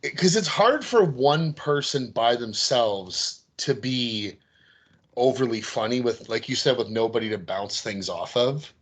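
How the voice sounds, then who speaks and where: Male podcast co-host, casual and animated, laughs easily. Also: mid-range voice, a little slow. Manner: animated, laughs while retelling scenes. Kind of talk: casual chat.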